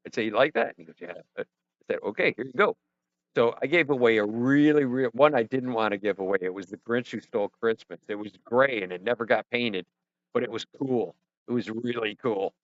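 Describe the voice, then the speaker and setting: A man hosts a casual livestream from his home studio, wandering off topic and chatting to viewers as he fixes his setup. His voice is mid-pitched, and it sounds dull and muffled. The sound is dry and close, with no room echo. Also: fairly quick. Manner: rambling, self-deprecating, talks to chat and himself. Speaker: livestream host. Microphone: headset or desk mic with headphones. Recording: dull, muffled stream audio.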